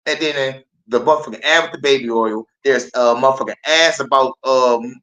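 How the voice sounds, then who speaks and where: A young man hosts a podcast in a loose, profane, laughing commentary. His voice has a bright, forward edge. He talks over clips in a relaxed way. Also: medium pitch, fairly quick, poor audio. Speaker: podcast host.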